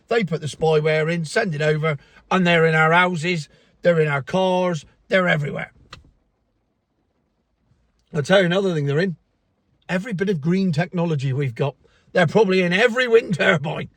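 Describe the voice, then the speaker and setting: A man's voice: a little high, no room sound. A man with a cold, ranting sarcastically and smugly in a casual vlog. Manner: sarcastic, mocking, self-satisfied. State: has a cold, coughing. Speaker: vlogger.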